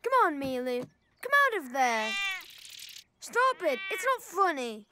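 A woman voicing Simon, a bold, playful little boy rabbit in a cartoon, with an excited, bouncy child's voice. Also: high-pitched, a little slow, background noise.

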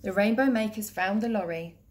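A woman teacher reading a children's picture book aloud in a clear, steady, gentle voice. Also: mid-range voice, a little fast, a little hiss or hum.

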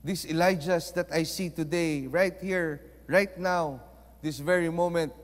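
High-voiced Filipino preacher in a reverberant hall. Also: male voice, fairly even intonation, measured pace. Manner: mixes Tagalog into English preaching; swings between hushed and emphatic delivery. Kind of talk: sermon.

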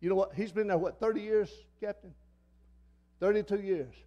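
A man's voice: high-pitched, moderate pace, muffled recording. An older man preaching a sermon in a church, in a fiery, folksy manner that repeats phrases for emphasis. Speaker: pastor. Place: church sanctuary.

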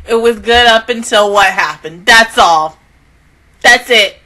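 A woman's voice: fairly high pitch, a little slow, bright, forceful tone. A young woman reacting to an anime episode on her channel, exasperated and swearing, sighing and trailing off between broken sentences. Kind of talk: emotional reaction vlog.

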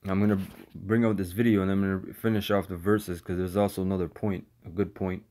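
Slangy, low-voiced man teaching scripture. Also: little pitch movement, fairly quick, warm tone. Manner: slangy, repeats "man" often, frequent restarts. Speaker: bible teacher.

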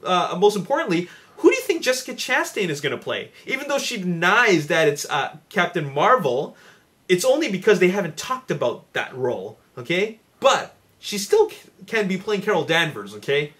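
A man hosts his own movie news vlog, rambling casually through the latest casting rumors. His voice sits a little high for a man. He trips over words often, piling up fillers and restarts as he goes. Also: big pitch swings, moderate pace, fairly bright tone. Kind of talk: casual video commentary.

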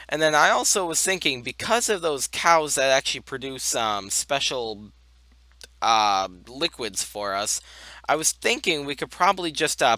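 A man's voice: mid-range voice, sharp tone, dry recording. A young man giving casual, rambling commentary over his gameplay, full of fillers as he walks through each step. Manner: rambling, many fillers, talks through steps. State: hiccups. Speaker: gaming channel host.

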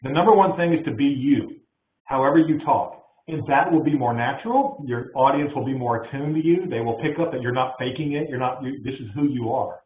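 A man presenting a webinar, answering audience questions in an energetic, hand-waving way from his office. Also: medium pitch, fairly quick. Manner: energetic, talks with his hands. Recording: echoey, tinny phone-like line.

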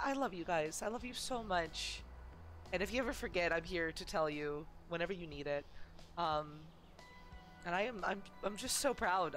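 A woman's voice: medium pitch, a bit bright. A woman livestreaming a charity stream, talking in a gushing, emotional way with a lot of rambling and fillers. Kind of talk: casual livestream chat.

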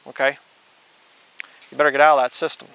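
A male preacher slowly reading scripture aloud, then adding blunt conversational asides. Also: mid-range voice, flat delivery, creaky, a bit bright, a little hiss or hum. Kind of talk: informal Bible teaching.

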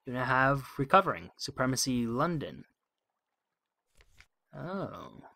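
A man plays through a story game, reading its text and muttering his plans in a wry, musing tone. His voice is bright and crisp. The recording is close and dry, with no room sound. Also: mid-range voice, big pitch swings, slow pace, dry recording. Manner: musing, wry, thinks aloud with many hmms. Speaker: let's play host. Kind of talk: game playthrough commentary, reading text aloud.

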